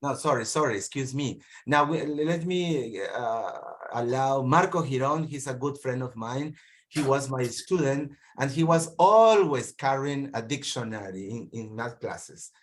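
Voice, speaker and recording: A man's voice: mid-range voice, measured pace. Peruvian man hosting an online meeting. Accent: Peruvian (Piura). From Piura, northern Peru. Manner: friendly, rambling with many repeated words. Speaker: meeting host and university teacher. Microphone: video call.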